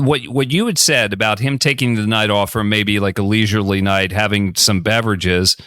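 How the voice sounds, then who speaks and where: A man in his fifties hosting an interview, telling stories in a relaxed, chatty way with frequent restarts. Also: medium pitch, dry recording, clean studio sound. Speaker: podcast host. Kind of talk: conversational interview storytelling.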